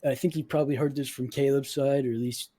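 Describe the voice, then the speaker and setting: Young man, podcast host, husky voice, dry close sound, swears a lot, quotes both sides of an argument. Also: medium pitch, fairly even intonation, fast talker, warm tone, dry recording. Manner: profane, retells arguments with quoted dialogue. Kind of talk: casual storytelling chat.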